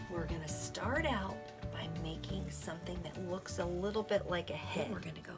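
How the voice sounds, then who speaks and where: A middle-aged woman teaching young children, animated and sing-song, sometimes dropping to soft whispers. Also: fairly low pitch, normal speed, over loud music. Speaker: preschool teacher. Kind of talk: children's lesson and storybook read-aloud.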